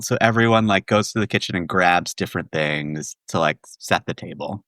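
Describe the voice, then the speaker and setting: A man in his forties from the Washington, D.C. area, a guest telling a childhood story in a relaxed chat and laughing often. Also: low-pitched, a little fast, few pauses, dry recording. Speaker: guest, musical theater writer. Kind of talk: casual podcast chat.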